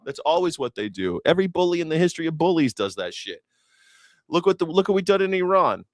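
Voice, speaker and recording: A man's voice: big pitch swings, quick pace, no room sound. Sarcastic guy ranting about the news, voice all over the place, dry close mic. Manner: sarcastic, profane, mocking, swings into falsetto parody. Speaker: host. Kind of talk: mocking political news reaction.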